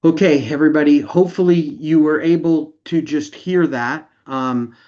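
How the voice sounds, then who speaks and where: A man's voice: a little high, steady tone, normal speed, mellow, dull audio. A man leading an online company announcement for his members, earnest and emotional, repeating himself for emphasis. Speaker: company founder addressing members.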